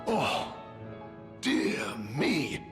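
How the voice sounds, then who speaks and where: A man's voice: high-pitched, huge pitch swings, drawn-out words, heavily acted. An actor playing an eccentric male collector in a game, theatrical, with dramatic gasps and exclamations. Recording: game audio with music behind.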